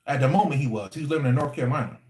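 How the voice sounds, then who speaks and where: A man telling a story casually to his livestream audience in an animated, slangy, repetitive way. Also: mid-range voice, racing. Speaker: livestream host. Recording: echoey room.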